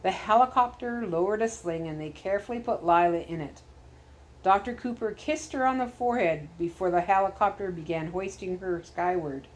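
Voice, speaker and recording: A woman storyteller reading chapters of a storybook aloud in a calm, steady way. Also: medium pitch, normal speed.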